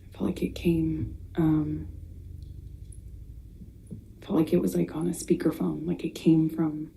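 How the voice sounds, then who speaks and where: A woman in her thirties giving sworn testimony as a witness in a courtroom, speaking haltingly with frequent restarts. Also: sits low, little pitch movement, vocal fry, dark tone, a little hiss or hum. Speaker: trial witness.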